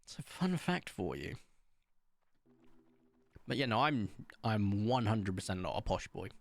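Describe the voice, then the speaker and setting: A man's voice: on the low side, expressive, measured pace, creaky, no room sound. Man with a posh English accent. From England, Somerset. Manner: rambling anecdotal storytelling with frequent ums. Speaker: streamer. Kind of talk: casual chat while gaming.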